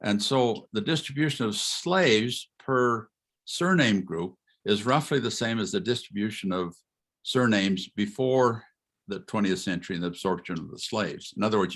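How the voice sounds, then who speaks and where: A retired history professor, an older man, gives an informal lecture over a video call. He's animated, poses rhetorical questions and chuckles along the way, speaking at a normal speed in a lowish voice.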